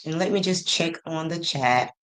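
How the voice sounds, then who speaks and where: Low-voiced woman hosting a livestream. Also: fairly bright tone. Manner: reads messages aloud slowly, greets chat by name. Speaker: livestream host. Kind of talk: casual livestream commentary.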